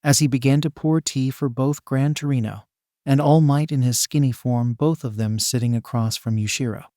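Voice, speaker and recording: A man reads a fan-fiction story aloud in an even, steady way, his middle-pitched voice recorded close and dry with no room sound. The delivery stays measured from line to line. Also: no echo. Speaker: narrator. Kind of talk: scripted fan-fiction narration.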